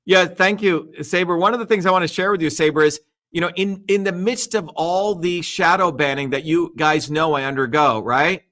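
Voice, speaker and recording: A man's voice: on the high side, normal speed, fairly bright tone. A man, a political candidate, giving an impassioned, emphatic and crude livestream speech, full of repetition and profanity.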